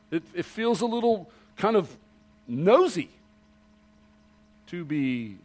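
Animated man preaching a sermon. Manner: animated preaching with rhetorical questions, drops low and quiet for emphasis. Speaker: pastor.

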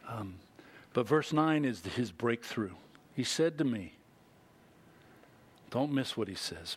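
A middle-aged man preaching a sermon as pastor, animated and full of rhetorical questions to the congregation. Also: medium pitch, measured pace, pauses often, breathy edge.

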